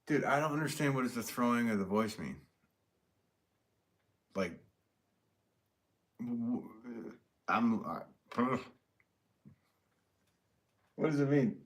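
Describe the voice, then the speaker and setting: A man's voice: mid-range voice, animated, slow pace, long pauses. A man from Connecticut, a potter, chatting casually and reading out comments on a live stream. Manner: rambling, easygoing, many fillers. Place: pottery studio. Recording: noisy background.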